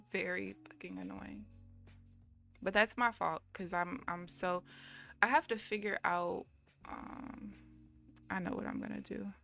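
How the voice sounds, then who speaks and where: A woman's voice: mid-range voice, creaky, fairly bright tone. A woman live streaming her day trading, talking casually to viewers and swearing bluntly in frustration.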